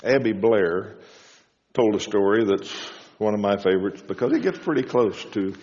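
A man preaching a sermon in a folksy storytelling way, his voice rising high when he quotes people. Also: animated, moderate pace, a little mellow. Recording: dull lo-fi sound in a reverberant hall.

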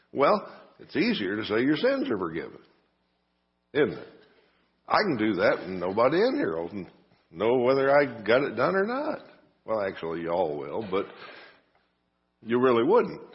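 A male pastor preaching in a church, telling the story casually with little jokes tucked in. His pitch rises and falls a lot, and the sound is slightly dull, with a long reverb from the hall. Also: husky. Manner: folksy storytelling with asides and dry humor. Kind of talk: sermon. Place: church sanctuary.

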